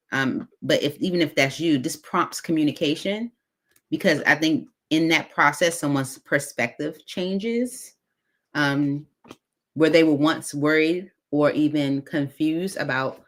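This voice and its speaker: A woman reading tarot cards aloud in a casual, chatty way, thinking out loud with many fillers. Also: sits low, unhurried. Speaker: tarot reader.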